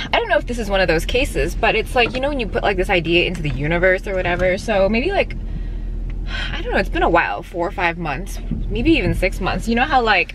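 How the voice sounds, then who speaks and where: A woman talking to her viewers in a casual vlog, chatty and full of "like" and "um". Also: mid-range voice. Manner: chatty, many "like"s and "um"s. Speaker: beauty and lifestyle vlogger. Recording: noisy background.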